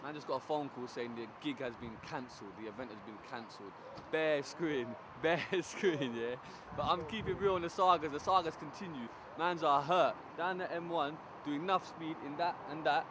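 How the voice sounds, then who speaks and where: A man's voice: fairly high pitch, normal speed, hardly any pauses, background noise. A young man chatting in slang and joking around as he films a road-trip video diary from inside a car. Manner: slangy, chatty, jokey banter, lots of filler tags. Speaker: vlogger and performer. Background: loud music.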